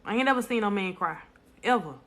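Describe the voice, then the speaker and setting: A woman's voice: mid-range voice, expressive, fast talker, a bit bright. A woman speaking bluntly and emphatically to viewers in a casual live stream, repeating lines for stress. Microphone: phone.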